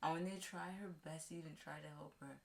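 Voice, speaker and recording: Low-voiced woman rambling through a movie recap. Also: steady tone, vocal fry. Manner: rambling, with halting restarts and fillers; acts out characters' lines in a raised voice. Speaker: vlogger reviewing a movie. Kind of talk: casual movie recap to camera.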